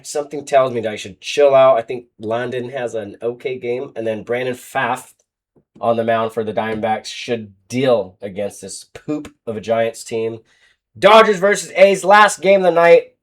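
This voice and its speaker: A man's voice: medium pitch, a little slow. A young man hosting a casual sports betting show, going through picks bluntly and joking as he goes. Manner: blunt, joking, trash-talking teams and players.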